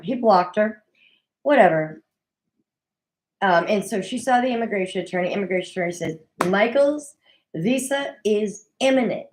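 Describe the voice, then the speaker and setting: A woman's voice: lowish voice, low-quality recording. A woman hosting a casual recap show from her desk at home, chatty and opinionated. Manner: chatty, opinionated, animated with mock quoted voices. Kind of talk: casual solo recap commentary.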